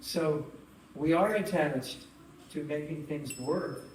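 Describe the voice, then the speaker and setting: A spiritual teacher, his voice a little high and darkish, takes it slowly in a talk to a live audience. Chatty and engaging, he asks the room questions and tells funny stories; the recording has a roomy hall sound, distant mic, and faint noise.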